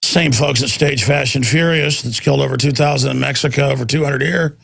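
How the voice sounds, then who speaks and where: A man's voice: mid-range voice, steady tone, fairly quick, gravelly, fairly bright tone, breathy edge. A man hosting a talk radio show, ranting intensely in a combative political monologue.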